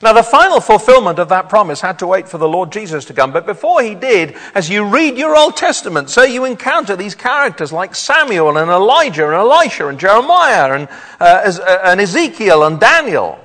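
A man's voice: sits high, sing-song, fairly quick, bright, forceful tone. A man preaching a sermon, reading scripture aloud and then explaining it to his congregation. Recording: long hall reverb.

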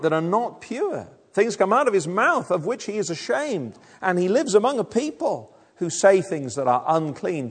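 A man preaching a sermon, explaining a passage in an earnest way, often restarting his sentences. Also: high-pitched. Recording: long reverb of a hall.

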